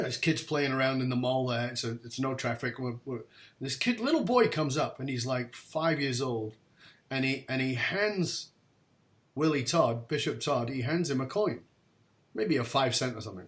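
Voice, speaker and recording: A middle-aged man hosting an interview show, telling a story with lively acted-out dialogue. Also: mid-range voice. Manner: animated storyteller, acts out dialogue loudly. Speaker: podcast host.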